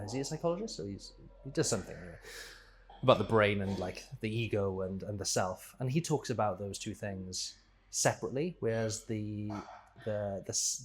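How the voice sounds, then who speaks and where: Husky low-voiced man musing aloud. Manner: rambling, self-correcting, thinking aloud. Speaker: podcast guest. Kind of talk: casual conversation.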